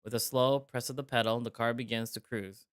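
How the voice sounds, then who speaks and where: A man reads a visual novel aloud on a live stream, narrating in the first person. His voice sits at an ordinary middle pitch. He breaks off now and then for casual, joking remarks. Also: steady tone, fairly quick, a bit bright, clean tone, no room sound, studio quality.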